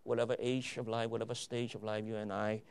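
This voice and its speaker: A man preaching a sermon with emphatic, dramatic delivery that swings between loud declarations and quiet asides. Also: on the low side, flat delivery, fast, gravelly, clear, resonant tone. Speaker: pastor.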